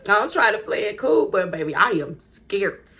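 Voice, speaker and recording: A woman's voice: medium pitch, normal speed. Chatty woman telling a wild story. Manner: animated, chatty, addresses viewers directly; swears freely, laughs often. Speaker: vlogger. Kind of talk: storytime vlog.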